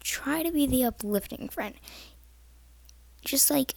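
A woman's voice: high-pitched, animated, slow, gravelly, dry recording, low-quality recording. A woman giving earnest, rambling advice to the camera, often dropping to a whisper.

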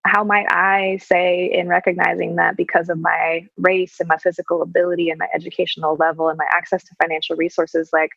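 A woman speaking as a therapist guest in a relaxed, thoughtful way, with frequent fillers and some casual swearing. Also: on the low side, a little fast, gravelly, no echo. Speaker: clinical social worker guest. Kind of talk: casual reflective conversation. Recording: dull lo-fi sound.

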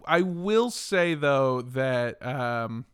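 Bright, animated podcast co-host. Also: medium pitch, drawn-out words, smooth. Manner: animated, swears, laughs, joking. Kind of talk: casual podcast chat.

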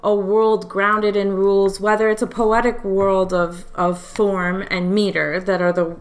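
A woman's voice: mid-range voice, little pitch movement, unhurried. A woman in casual conversation, frankly critiquing a poem and asking pointed questions. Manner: frank, questioning, laughs easily. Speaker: reader giving feedback.

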